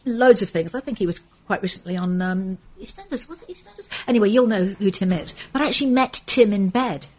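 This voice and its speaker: A woman's voice: medium pitch, expressive, brisk, few pauses, darkish tone. Chatty older English woman, full of anecdotes. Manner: chatty, anecdotal, with frequent fillers and restarts. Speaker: soap actress guest. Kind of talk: casual interview chat.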